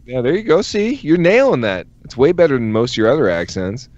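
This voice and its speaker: A man's voice: medium pitch, wildly swooping pitch, darkish tone, highs cut off. A man co-hosting a comedy podcast, joking crudely and teasing his co-hosts. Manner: crude, joking, quick asides. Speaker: podcast co-host. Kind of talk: casual comedy podcast banter.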